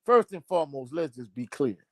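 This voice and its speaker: A man's voice: fairly high pitch, lively intonation, a little fast, a bit bright, no echo. A man giving a casual, blunt postgame reaction from home, exasperated and repeating himself. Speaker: sports channel host. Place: home, indoors.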